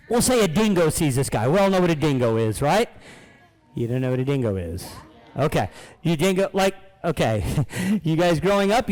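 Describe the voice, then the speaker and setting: On a poor recording, a high-voiced man presents live animals to kids. His delivery is jokey and lively, he speaks straight to the children, and he laughs frequently, like a playful kids' show host.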